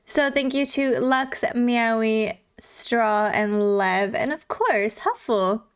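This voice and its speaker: Giggly high-voiced woman streamer. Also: takes it slowly, clean tone. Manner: giggly, chatty, reads chat aloud. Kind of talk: casual live-stream chat.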